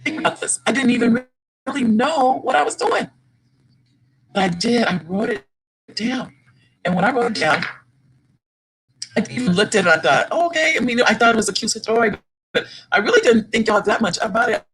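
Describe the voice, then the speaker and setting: An older woman, a grandmother, telling a story to an audience about writing her first children's book, animated and rising with excitement. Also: on the high side, normal speed, long pauses, slight background noise, rough recording. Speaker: guest speaker, children's book author.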